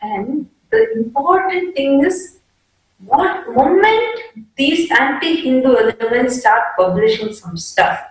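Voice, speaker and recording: A woman giving a measured, earnest explanation as a devotee on a devotional panel discussion. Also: sits high, heavy reverb, distant mic, low-quality recording.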